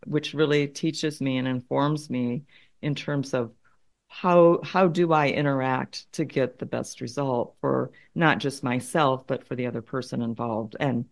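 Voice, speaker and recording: Low-voiced middle-aged woman telling a story. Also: fairly even intonation, unhurried, creaky. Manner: thoughtful, repeats words as she works out her point. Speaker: conflict consultant and guest. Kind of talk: conversational storytelling interview.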